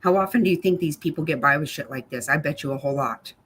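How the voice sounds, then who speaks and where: Speaking quickly in a low-pitched, fairly bright voice over slight background noise, a woman reads chat on a casual livestream. She fires back at viewers by name, blunt, angry and profane.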